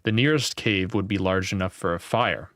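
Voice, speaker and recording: A man's voice: low-pitched, normal speed, fairly bright tone, dry recording, studio quality. A young man reading a gamebook aloud and playing along, with casual, wry remarks and the odd swear. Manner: casual, wry, swears and laughs at his own slips. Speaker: gamebook player and channel host.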